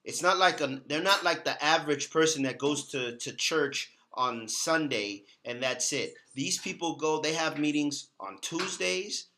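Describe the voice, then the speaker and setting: A man hosting a casual talk in an earnest, emphatic way, leaning on repeated words to make his point. His voice sits a little high and sounds bright and forceful. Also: expressive, measured pace, few pauses, a little hiss or hum. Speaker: host.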